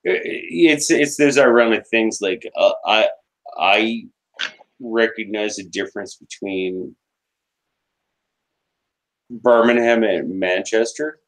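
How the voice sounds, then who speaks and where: A man hosting a casual podcast chat, enunciating each word carefully, with halting restarts. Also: on the low side, poor audio. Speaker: podcast host.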